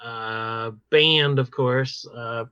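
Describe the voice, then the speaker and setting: A man's voice: medium pitch, very slow, clean tone, muffled recording. A man co-hosting a podcast, introducing a segment and chatting casually with light chuckles. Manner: relaxed, chuckling. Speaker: podcast co-host. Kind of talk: casual chat.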